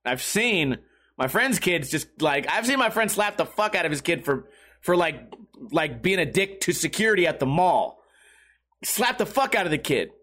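A man's voice: a little high, sing-song, normal speed, a bit bright. A young man reading news articles aloud and commenting on them in a rambling way, swearing constantly and restarting his sentences. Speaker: streamer reacting to news articles. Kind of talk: casual profane commentary.

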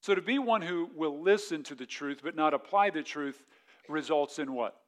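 A man, a pastor, preaching a sermon, reading scripture slowly and then pressing his point with rhetorical questions and repeated words. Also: fairly high pitch.

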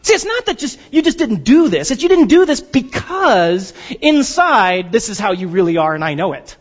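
A male pastor preaching with a high, very lively voice that jumps all over the place. He jokes with the congregation and acts out little quoted voices. The recording sounds dull and lo-fi. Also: normal speed, big-room sound. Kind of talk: sermon.

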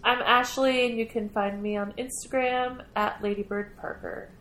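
A woman's voice: on the high side, steady tone, normal speed, fairly bright tone, reverberant, slight background noise, poor audio. A woman co-hosting a casual book podcast, teasing the others. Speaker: podcast co-host. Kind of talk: casual chat.

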